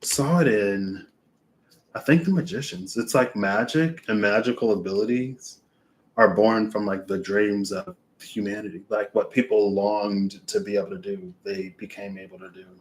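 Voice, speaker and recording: A man reading oracle cards aloud in a casual way, with unhurried, musing asides to himself between passages. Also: lowish voice, fairly even intonation, a little hiss or hum. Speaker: oracle card reader.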